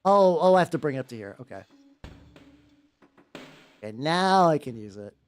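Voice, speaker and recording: A woman streaming a video game playthrough, talking excitedly, swearing freely, and rambling in asides. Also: low voice, moderate pace, faint music behind. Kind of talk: live gameplay commentary.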